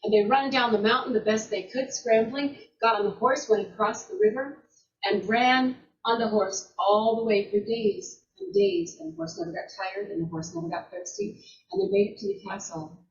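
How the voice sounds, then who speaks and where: A woman storyteller retelling a folktale in an unhurried way, repeating words and restarting phrases as she goes. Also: fairly high pitch, lively intonation. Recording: roomy, distant, dull lo-fi sound.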